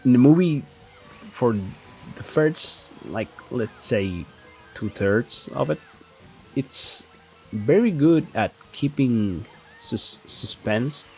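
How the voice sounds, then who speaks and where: A man's voice: mid-range voice, darkish tone. A man who says he is sick, rambling and swearing his way through casual commentary over gameplay, with many self-deprecating asides and restarts. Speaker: channel host reviewing a movie while playing a kart game.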